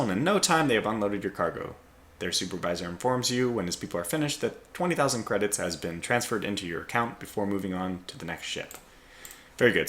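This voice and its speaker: A man hosting a let's play, reading the game's story text aloud and adding relaxed commentary, with occasional stumbles. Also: lowish voice.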